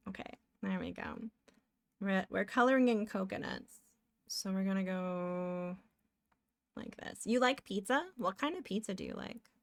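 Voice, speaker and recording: A woman's voice: mid-range voice, unhurried, long pauses. A woman from Canada, chatting casually with viewers while drawing, giggly and talking to herself as she works. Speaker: streamer.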